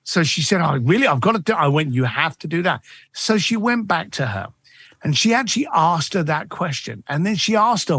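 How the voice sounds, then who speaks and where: A man's voice: high-pitched, big pitch swings, a little fast, fairly bright tone, slightly rough, no echo. A middle-aged man, a guest author and coach, telling stories in an interview and acting out the dialogue with shifting voices. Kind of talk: animated interview storytelling.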